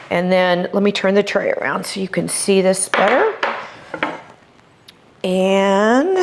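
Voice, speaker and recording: A middle-aged woman with a Texas accent hosting a cooking demonstration, chatty and enthusiastic as she walks viewers through each step. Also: medium pitch. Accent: Texan. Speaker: cooking show host.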